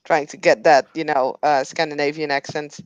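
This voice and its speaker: A woman's voice: low voice, little pitch movement, moderate pace, no echo, muffled recording. A woman playing a tabletop role-playing game, describing her character's actions in a hesitant, casual way with many fillers. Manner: hesitant, lots of fillers, laughs easily. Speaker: tabletop player.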